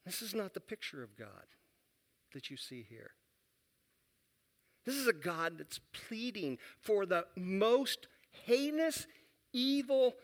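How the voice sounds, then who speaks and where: A man teaching a Bible lesson in a conversational way, repeating key phrases and asking his listeners questions. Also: high-pitched. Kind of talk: sermon-style Bible lesson.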